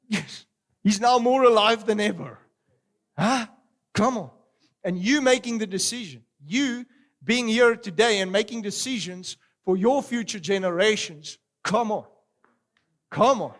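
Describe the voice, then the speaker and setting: A middle-aged man preaching a sermon, animated and swinging between loud exclamations and quiet storytelling. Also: sits high, measured pace. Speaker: pastor.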